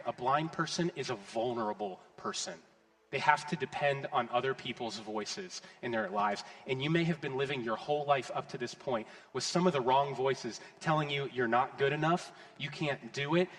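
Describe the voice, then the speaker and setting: A man preaching a sermon with passion, swinging from loud declarations to hushed, intense passages. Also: a little high, gravelly. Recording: long hall reverb.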